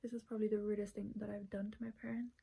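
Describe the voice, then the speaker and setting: A woman's voice: mid-range voice, little pitch movement, rapid-fire, vocal fry, dark tone, husky, rough recording. A woman earnestly telling a personal family story, retelling conversations at length.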